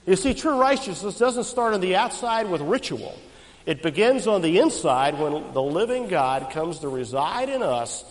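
High, animated male preacher. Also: in a large hall, low-quality recording. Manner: emphatic, call-and-response questions to the congregation. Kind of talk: expository sermon.

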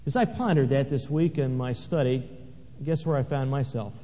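A man's voice: mid-range voice, moderate pace, mellow. A man preaching a sermon, swelling dramatically when he reads scripture aloud. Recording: echoey hall, dull lo-fi sound.

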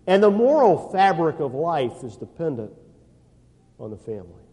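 A man preaching in a church sanctuary, his voice swinging widely from high emphatic peaks to low, quiet drops. The tone is mellow and dark, and a long hall reverb trails each phrase. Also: sing-song. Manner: emphatic preaching with dramatic pauses, reads scripture aloud. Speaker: pastor. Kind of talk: sermon.

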